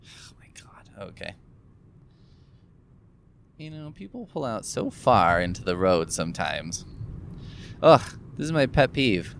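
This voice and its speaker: Sitting in a car, a male vlogger with a medium-pitched voice rambles and muses aloud to camera, sore from recent gum surgery. He swears offhandedly as he thinks, and there's a little hiss or hum in the audio.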